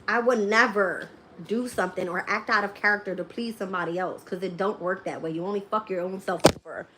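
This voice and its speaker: A woman's voice: medium pitch, steady tone, brisk, noisy background. Blunt, profane woman tarot reader. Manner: laughs often while talking. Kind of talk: casual live-stream rant.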